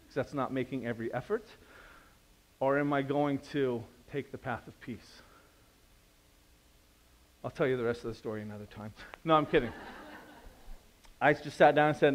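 A male pastor with a medium-pitched voice preaches conversationally, telling stories and posing questions to the audience while swinging between quiet and loud.

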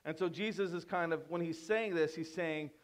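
A pastor giving a sermon in a conversational manner, teasing the congregation and turning emphatic with sudden quiet drops. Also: male voice, a little high, moderate pace. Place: church.

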